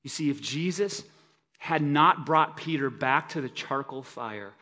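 A man preaching a sermon, swinging between loud emphasis and quiet, low asides. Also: animated, unhurried. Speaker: pastor. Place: church service.

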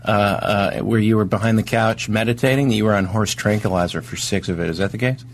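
A man hosting a comedy podcast, teasing his guest in playful, halting banter. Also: lowish voice, fairly even intonation. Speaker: podcast host.

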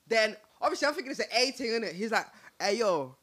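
A woman's voice: a little high, racing. A woman, co-hosting a podcast and telling a story in casual chat, acting out what people said and breaking into laughter. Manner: animated, acts out quoted lines, bursts into laughter. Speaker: podcast co-host.

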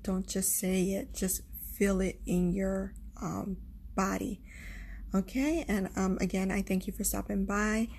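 A woman giving a calm, encouraging spiritual talk on stones and star signs, repeating affirmations for listeners to say back. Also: medium pitch. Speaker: astrology and crystal reader. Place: new, not yet quiet spot. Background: faint background noise.

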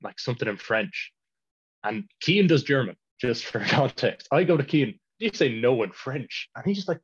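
A teenage Irish lad chatting casually, telling rambling stories and laughing mid-sentence. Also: male voice, mid-range voice, animated, fairly quick, slightly rough. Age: teens. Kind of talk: casual chat. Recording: dull lo-fi sound.

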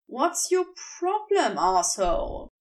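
Blunt, sharp-tongued teen girl skater, read by a woman; storybook delivery, lively and unhurried. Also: high voice, distant mic, heavily acted. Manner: blunt, snappish.

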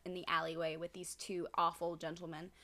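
A woman's voice: lowish voice, little pitch movement, brisk, bright, forceful tone. A woman co-hosting a casual podcast, retelling anime scenes with dramatic energy and frequent laughter. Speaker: podcast co-host recapping an anime. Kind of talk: casual chat.

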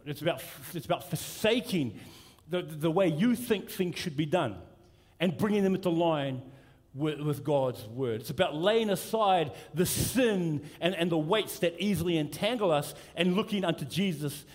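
A middle-aged male pastor preaching in a loose, conversational way, drifting into personal anecdotes and restarting his sentences. His voice sits a touch high for a man. Long church-hall reverb trails behind every phrase. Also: expressive, moderate pace. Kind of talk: sermon.

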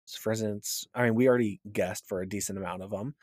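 A man co-hosting a fantasy podcast in casual chat, easygoing and halting, with lots of fillers. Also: fairly low pitch, steady tone, a little mellow, no room sound. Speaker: podcast co-host.

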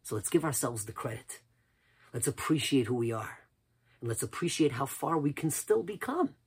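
Husky-voiced man preaching with passion. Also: medium pitch, big pitch swings, normal speed. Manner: impassioned, swings from loud cries to near whispers. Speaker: rabbi. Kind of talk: sermon.

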